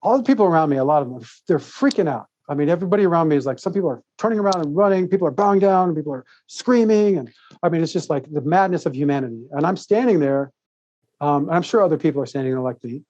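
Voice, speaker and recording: Man, podcast guest, rambling storyteller, mellow tone, muffled dry sound. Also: on the high side, fast talker, dry recording. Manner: rambling, animated, laughs often, restarts sentences. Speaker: podcast guest, author and speaker. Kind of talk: casual interview storytelling.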